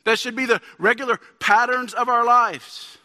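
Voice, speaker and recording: A man's voice: extremely high pitch, fairly even intonation, normal speed, bright, forceful tone. A man in his thirties preaching a conversational sermon as a pastor, building up to emphatic peaks. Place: church sanctuary. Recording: long church hall reverb.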